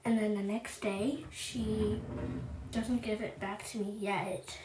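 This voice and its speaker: A woman's voice: medium pitch, little pitch movement, slow, distant mic. A young female vlogger chatting through a story while getting ready for bed, full of "like"s and quoted dialogue. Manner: chatty, many "like"s, quotes her friends in dialogue. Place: bathroom then bedroom at home. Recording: echoey room with background noise.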